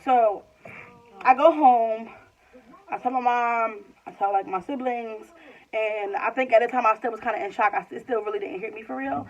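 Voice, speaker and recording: Speaking at a normal speed in a slightly high voice, a vlogger in her twenties chats about a personal experience, saying "like" a lot and restarting her rambling sentences. The lo-fi recording sounds dull and somewhat far off.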